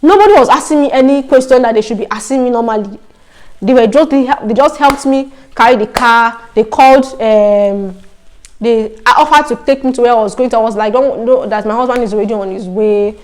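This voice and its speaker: A young Nigerian woman chats to her camera in a lively, storytelling vlog voice that sits a little high. She slips easily into Pidgin phrases and tells her stories with animated emphasis. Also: brisk. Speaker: vlogger. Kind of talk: casual vlog talk.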